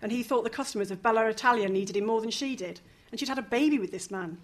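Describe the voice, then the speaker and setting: A woman reading a novel aloud, lively, with casual asides and the odd chuckle. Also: fairly high pitch, fast. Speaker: reader.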